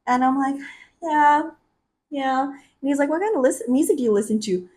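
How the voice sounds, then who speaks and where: A young woman co-hosting a podcast, telling stories in a lively way, acting out what people said and laughing often. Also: sits high, fairly quick. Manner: animated, acts out quotes, laughs often. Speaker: podcast co-host. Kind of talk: casual chat, storytelling.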